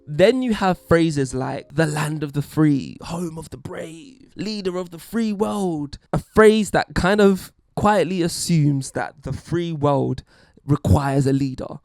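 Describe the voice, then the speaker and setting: A man's voice: fairly high pitch, darkish tone, dry recording. A man hosting a podcast, giving an emphatic, wry opinion monologue. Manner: wry, emphatic, puts on mock voices. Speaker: podcast host.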